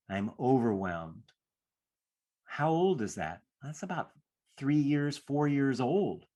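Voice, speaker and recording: A man leads a class on handling stress, his voice sitting at an ordinary middle pitch. He talks in a reflective way and slips into short acted inner voices to make his points. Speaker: stress coach. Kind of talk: teaching a class.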